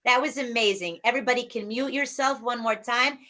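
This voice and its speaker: A woman's voice: on the high side, steady tone, fairly quick, pushed and bright. A woman in her forties hosting an online group workshop over a video call, upbeat, playful and encouraging.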